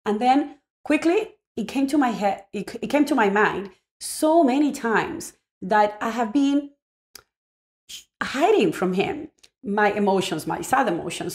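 A woman tells a personal story about parenting straight to camera. She speaks in a reflective, earnest way at a middle pitch and often restarts her sentences as she searches for words. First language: Spanish. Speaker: parenting vlogger.

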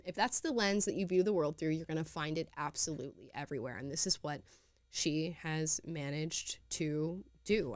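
A woman's voice: on the low side, smooth, no echo, clean studio sound. A young woman hosting a podcast, making sarcastic commentary on video clips and often breaking into laughter. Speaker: podcast host.

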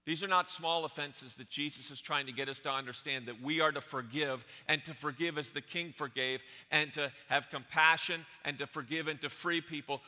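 A man preaches in a church with a sharp, bright voice that sits a little higher than most men's. He drives his points home with repeated phrases and lets his volume rise and drop. A long reverb hangs after each line in the large sanctuary. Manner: emphatic preaching with repeated phrases and swings in loudness. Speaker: pastor. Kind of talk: sermon.

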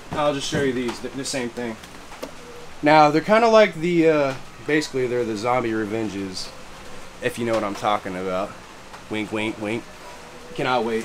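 A man showing off his gear in a casual vlog, excitable and slangy, repeating catchphrases and whooping. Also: medium pitch, moderate pace, a little hiss or hum. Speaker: fireworks vlogger. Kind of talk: casual show-and-tell vlog. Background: background music.

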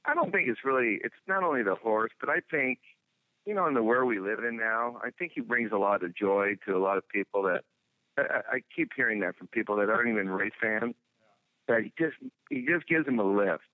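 A man who trains racehorses, talking in an interview over the phone in a rambling, halting way, full of restarts. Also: lowish voice, expressive, no room sound. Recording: tinny dry phone line.

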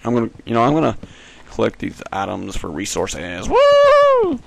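Talking fairly quickly with a creaky, breathy edge, this let's-play host rambles and jokes through his gaming commentary, giggling and bursting into sudden high squeals.

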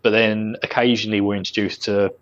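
A man's voice: on the low side, level tone, fast, highs cut off. A man co-hosting a casual podcast, chatting loosely and laughing often. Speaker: podcast co-host. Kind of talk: casual chat.

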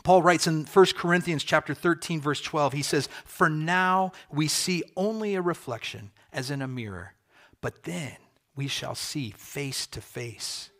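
A man preaching a sermon as pastor, earnest and emphatic, repeating key phrases and slowing down for effect. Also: a little high, fairly bright tone.

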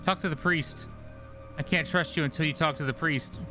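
A man's voice: fairly high pitch, moderate pace, bright, forceful tone, faint music behind. A man voicing a reclusive tenant who is suspicious of a delivery driver, in a muttering tone. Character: reclusive paranoid shut-in man.

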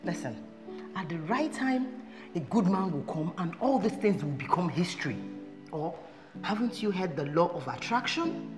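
A woman's voice: on the low side, big pitch swings, moderate pace. An actress with a Nigerian accent playing an outspoken, protective female friend who scolds and comforts in Pidgin-laced speech. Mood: reassuring. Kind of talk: Nollywood film acting. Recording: echoey room with music underneath.

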